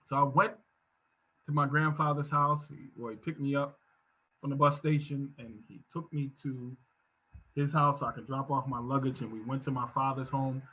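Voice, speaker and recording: A man giving a motivational talk over a video call from his home office, speaking in an emphatic, preacherly style that swells into shouts. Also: mid-range voice, fairly even intonation, normal speed, breathy edge, dull audio. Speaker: guest speaker.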